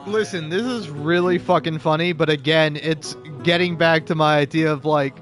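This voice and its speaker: A man's voice: a little high, a bit bright. A man giving casual, rambling and profane commentary while playing a video game. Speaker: gaming YouTuber. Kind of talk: casual let's-play commentary.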